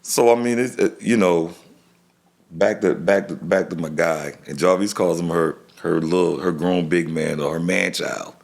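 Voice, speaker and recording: Guesting on a podcast, a middle-aged man recounts something from his own life in a low voice with vocal fry. His phrases come haltingly and restart, and he acts out what others said.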